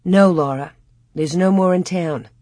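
A woman's voice: fairly low pitch, measured pace, mellow, no room sound, studio quality. A woman reading aloud, voicing a firm, careful pioneer mother in an audiobook.

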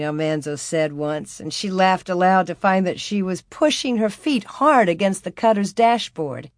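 A woman narrates a storybook with a calm, measured, expressive delivery. Her voice sits a little low, and the recording is dry and close. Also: dry recording. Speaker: audiobook narrator.

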